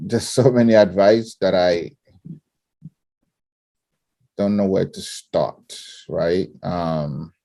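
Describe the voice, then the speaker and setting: A middle-aged man from Nigeria talks in a relaxed, easygoing way, laughing often and filling his pauses with ums. His voice sits fairly low. The recording is dry and close, with no room sound. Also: vocal fry, no echo. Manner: relaxed, laughs easily, many fillers. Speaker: guest, former coach and parent. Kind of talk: casual interview chat.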